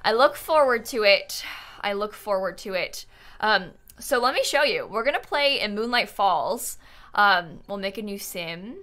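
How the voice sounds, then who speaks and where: A woman's voice: medium pitch, lively intonation, unhurried, pushed and bright. A woman hosting a casual live game stream from home, chatty and rambling with many fillers, thanking her viewers as she goes. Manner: reads out and thanks chat viewers.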